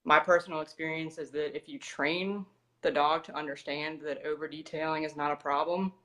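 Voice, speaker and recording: A woman's voice: low-pitched, steady tone, a little fast, pushed and bright. A young woman with an American accent, a dog trainer talking as an interview guest in a matter-of-fact, explanatory way. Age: young adult. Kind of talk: casual interview talk.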